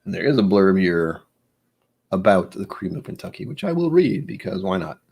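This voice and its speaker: A man's voice: lowish voice, sing-song, measured pace, creaky, long pauses, a little mellow, husky. A man hosting a casual whiskey tasting vlog, chatty and rambling, who stumbles over words when he reads aloud. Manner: rambling, chatty, self-deprecating. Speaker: whiskey channel host.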